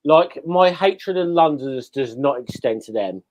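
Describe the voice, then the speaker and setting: A man in casual podcast chat, speaking haltingly and searching for his words. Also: mid-range voice, lively intonation. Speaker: podcast co-host.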